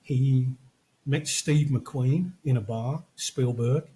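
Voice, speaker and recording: An older man in easy podcast chat, spinning movie anecdotes at a steady everyday pitch. He slips into quoted lines as he tells the story. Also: slow pace, poor audio. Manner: storytelling, acts out quotes from films. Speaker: podcast co-host. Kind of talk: casual chat.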